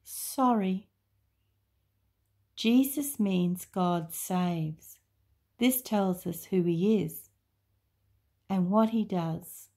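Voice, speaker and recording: An Australian woman reading a children's story and a devotion in a calm, measured manner. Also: fairly low pitch. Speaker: church story reader.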